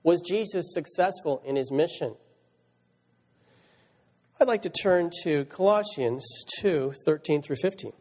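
Male pastor, high animated delivery, reads verses and asks rhetorical questions, reverberant church recording. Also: a little slow, pauses often. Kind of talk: sermon. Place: church sanctuary.

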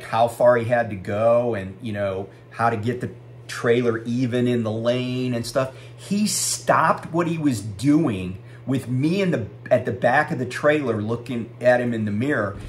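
A man's voice: mid-range voice, a little hiss or hum. A middle-aged man who drives a truck, telling a story in a casual, ranting vlog and swearing freely.

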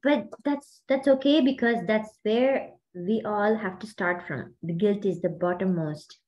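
A woman's voice: medium pitch, a little slow, a little mellow, muffled recording. A woman hosting and coaching a group on a video call, talking in a chatty, rambling way full of fillers. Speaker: host and mindset coach.

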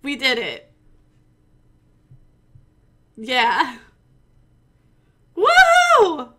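Giggly, bright-voiced woman streamer. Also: on the high side, steady tone, slow. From Missouri. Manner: gushing, giggly, mock-tearful. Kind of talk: mock acceptance speech.

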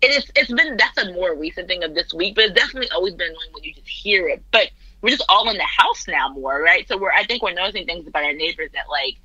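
A woman's voice: lowish voice, expressive, fast talker, bright, forceful tone, breathy edge, dry recording, highs cut off. A woman guest in casual chat, talking with lots of fillers and frequent laughter from her apartment. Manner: chatty, laughs often, many fillers.

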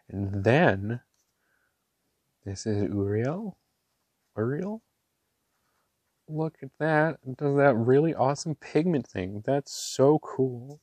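A man gushing over ink swatches in a casual vlog, excitable and quick to laugh. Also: medium pitch, dry recording. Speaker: ink reviewer. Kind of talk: casual show-and-tell vlog. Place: small home room.

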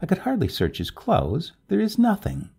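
A man voicing a composed, wryly reasonable newlywed woman over thirty, in a raised falsetto, for a storybook reading. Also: huge pitch swings, moderate pace, creaky, mellow, breathy edge, heavily acted.

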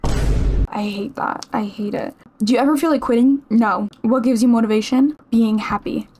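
A woman's voice: a little high, normal speed, noisy background. A 21-year-old woman from Massachusetts, a streamer answering viewer questions in a casual vlog, chatty and playfully self-mocking. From Massachusetts, USA.

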